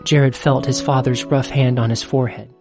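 An earnest storyteller reading a scripted story in a steady, even voice of middle pitch. Soft music plays faintly behind the reading. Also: normal speed. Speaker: narrator.

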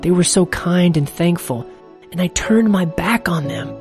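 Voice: mid-range voice, measured pace, pitched above the performer's own voice, close to an everyday voice. A storyteller voicing a tired young man torn by guilt, speaking in a pleading, strained voice over faint music. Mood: remorseful. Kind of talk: storybook reading.

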